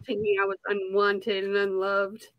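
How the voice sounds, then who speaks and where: A woman's voice: medium pitch, monotone, normal speed, no echo, dull audio. A woman with a Minnesota accent chatting casually on an art live stream, talking to herself as she works. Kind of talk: casual chat while crafting.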